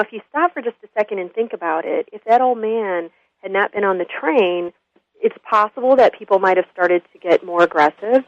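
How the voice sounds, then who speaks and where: A woman guest telling a story in an earnest, animated interview. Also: medium pitch, no room sound. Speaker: guest, school consultant. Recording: dull lo-fi radio audio.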